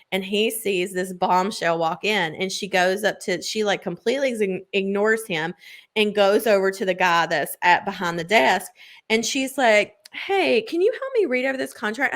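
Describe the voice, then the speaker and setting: Woman, casual chat, gushing recap, mid-pitched, filler-heavy. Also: a bit bright.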